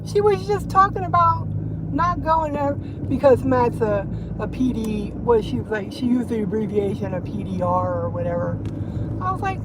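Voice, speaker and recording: Road noise hums behind a woman who gossips on a casual livestream while driving her car. Her high voice is expressive and a little slow. She rambles, laughs and swears freely.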